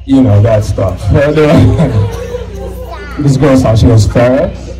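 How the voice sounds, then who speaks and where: A man's voice: medium pitch, slow, music in the background, low-quality recording. A young man doing a stand-up comedy set on stage, working the crowd and acting out voices. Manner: animated crowd work, acts out voices. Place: comedy stage before a live audience. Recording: live crowd laughing. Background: audience laughter.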